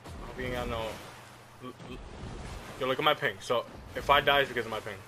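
A man giving excitable, profane play-by-play while he plays an online shooter, taunting opponents. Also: mid-range voice, quick pace. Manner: excitable, cursing, trash-talking. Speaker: gaming commentator. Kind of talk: live gameplay commentary. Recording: loud gunfire and game noise. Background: loud game gunfire and explosions.

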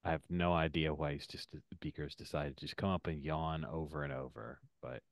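A man running an online tabletop role-playing game as game master, animated and playful, with murmured asides. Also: very deep voice, fairly quick, gravelly, no echo, clean studio sound.

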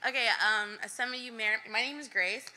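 A woman's voice: on the high side, a little fast, pushed and bright. A young woman nervously sharing a personal testimony before a church congregation, giggling and using lots of fillers. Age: young adult.

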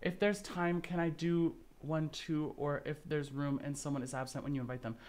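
A man's voice: a little high, steady tone, normal speed, darkish tone. A man livestreaming a game, chatting with viewers and thanking them for support, swinging between muttering and shrieking. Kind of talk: casual gameplay livestream chat.

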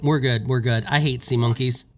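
A man giving let's play commentary on a game, excitable and quick to anger, ranting at the creatures on screen. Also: medium pitch, music in the background. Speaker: gaming YouTuber.

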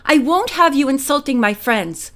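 A woman's voice: high-pitched, expressive, moderate pace, fairly bright tone. A woman voicing an earnest young inn owner. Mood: firm.

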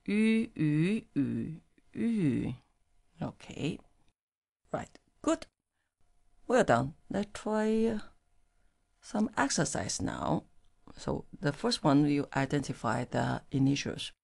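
A woman whose first language is Mandarin Chinese teaches pinyin, pronouncing each syllable slowly and clearly. Her pitch swings widely as she demonstrates the tones, and her voice has a gravelly edge. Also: lively intonation, darkish tone. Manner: slow, clearly modelled syllables. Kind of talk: language lesson with tone drills.

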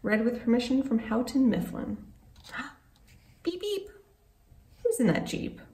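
A woman's voice: on the high side, unhurried. A woman who works as a children's librarian, reading a picture book aloud to young children, gasping often and asking them questions. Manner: animated and exclamatory, gasping and asking the kids questions. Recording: echoey room, mic at a distance, faint background noise.

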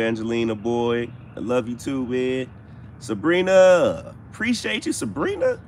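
Lively man streaming from a cemetery. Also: mid-range voice, slight background noise. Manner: animated, chatty, shout-outs to viewers. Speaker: paranormal show host, live streamer. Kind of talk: casual live-stream chat. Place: outdoors in a cemetery. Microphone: handheld phone camera.

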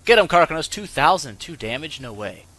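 A young man hosting a gaming channel, giving excitable let's-play commentary and yelping when things go wrong. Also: on the high side, fairly quick. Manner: excitable, yelps and laughs when in trouble.

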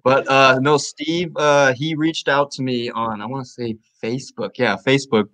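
A man's voice: medium pitch, steady tone, normal speed, fairly bright tone. A man from Seattle, an actor, chatting easily in a group video call with many fillers and asides. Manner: easygoing, rambling with fillers. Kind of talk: casual group video chat.

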